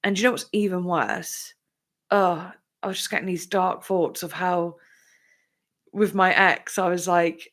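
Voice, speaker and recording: A woman's voice: lowish voice, steady tone, measured pace, a bit bright. A young woman hosting a live chat with viewers, talking candidly and emotionally, close to tears at times, with lots of fillers. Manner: candid, rambling, frequent fillers, breaks into laughs and tearful bursts. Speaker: livestream host chatting with viewers.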